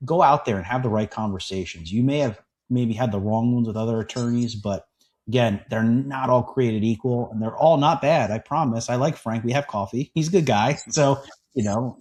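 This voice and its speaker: A man's voice: medium pitch, a little mellow. A man hosting a business podcast, talking in an emphatic, conversational way and repeating points for his listeners. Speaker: podcast host. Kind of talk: conversational interview.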